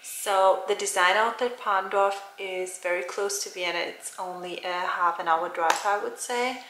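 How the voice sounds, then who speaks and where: A woman vlogger chats about her shopping finds, taking her time over every word. Her voice is bright and forward. The room around her is roomy and echoey. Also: mid-range voice, unhurried, slight background noise. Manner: chatty, describing shopping finds. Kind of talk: casual vlog chat. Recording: roomy echo.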